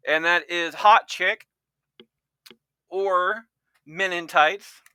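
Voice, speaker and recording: Bright, crisp-toned male podcast host. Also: fairly high pitch, no echo. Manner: rambling with many restarts. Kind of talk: casual chat.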